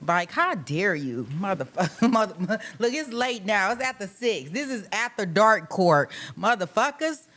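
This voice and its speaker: A woman's voice: medium pitch, sing-song, a little slow, hardly any pauses, a bit bright. Emphatic, exasperated woman host ranting. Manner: emphatic, exasperated, repeats "how dare you", swears. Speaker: host of live trial coverage. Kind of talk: heated casual rant.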